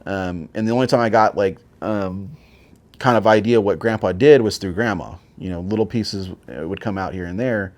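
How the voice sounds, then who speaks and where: Man, 40s, lowish voice, casual, profane, rambling. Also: normal speed. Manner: profane, rambling, with many fillers. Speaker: guest, Marine veteran. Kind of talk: casual storytelling.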